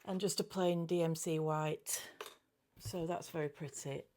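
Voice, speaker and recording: A woman's voice: sits low, fairly even intonation, unhurried, darkish tone, a little hiss or hum. A middle-aged woman chatting casually about her cross-stitch projects, giggly and often correcting her own words. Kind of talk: casual chat.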